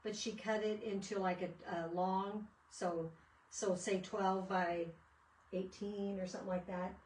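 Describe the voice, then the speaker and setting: A woman's voice: mid-range voice, level tone, a little slow, darkish tone. Chatty woman in an echoey room. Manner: chatty, rambling storyteller. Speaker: craft video host. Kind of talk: casual crafting chat. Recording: echoey room, mic at a distance.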